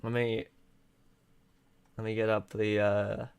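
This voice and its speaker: A man's voice: on the low side, little pitch movement, slow pace, vocal fry, clean tone. A young man on a live stream, reading an AI-written story aloud in a playful, giggly, melodramatic way.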